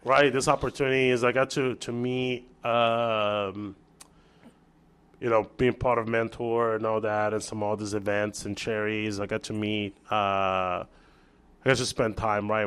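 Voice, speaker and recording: A man from Brazil, a chef guest on an interview show, telling a story in casual chat with lively restarts and acted-out dialogue. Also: on the low side, clear, resonant tone. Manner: animated storyteller, acts out quoted dialogue, many restarts.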